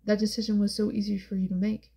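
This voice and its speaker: A woman voicing a brooding, intense young man in an audiobook, speaking softly and quietly, with a flat, gravelly, dark tone. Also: quick pace, lightly acted. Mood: soft, wry. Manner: soft, hushed and low-key. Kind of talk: audiobook character voice.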